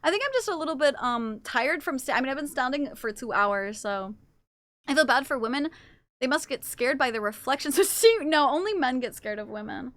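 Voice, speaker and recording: A woman's voice: sits high, expressive, fairly quick, a bit bright. A woman livestreamer chatting casually and playfully with her viewers, reading chat aloud and swearing now and then.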